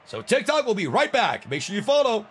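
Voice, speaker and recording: A man's voice: high voice, huge pitch swings, a little fast, a bit bright, slight background noise. Young man ranting on a game stream. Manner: ranting, frustrated, swears a lot. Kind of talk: live gameplay stream chat.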